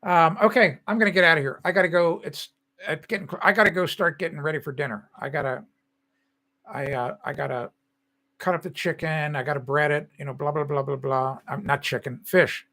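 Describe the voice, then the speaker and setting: A man's voice: fairly high pitch, fairly even intonation, fairly quick, sharp tone. An older man hosting a live stream, chatting casually with viewers in a rambling way and laughing often.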